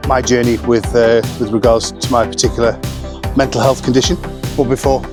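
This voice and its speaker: A man's voice: medium pitch, flat delivery, brisk, over music. A man vlogging casually outdoors on a rural smallholding, rambling and self-deprecating, with lots of "um" and "anyway" fillers. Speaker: vlogger sharing family life abroad. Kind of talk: casual chatty vlog.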